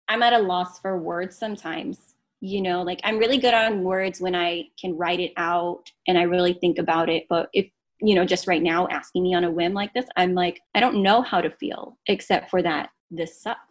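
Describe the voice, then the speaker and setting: Woman in her thirties, lowish voice, earnest and reflective, casual chat, bursts of quick speech. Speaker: guest. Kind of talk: casual podcast conversation.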